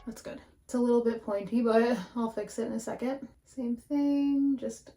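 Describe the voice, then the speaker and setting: A woman's voice: on the high side, steady tone, normal speed, warm tone, faint music behind. A young woman chatting frankly through a makeup tutorial at home, swearing casually and breathing a little heavily into the camera mic. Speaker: beauty vlogger.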